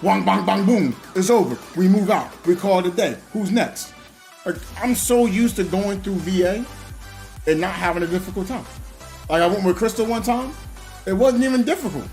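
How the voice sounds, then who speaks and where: Lively high-voiced man telling game stories. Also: normal speed, faint music behind. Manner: animated storytelling with frequent laughs. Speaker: gaming streamer. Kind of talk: casual live-stream chat.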